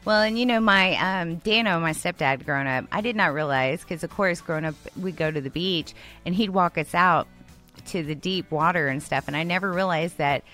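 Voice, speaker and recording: A woman's voice: on the low side, normal speed, sharp tone, faint music behind. A woman co-hosting a casual chat, rambling and laughing often as she tells stories. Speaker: co-host.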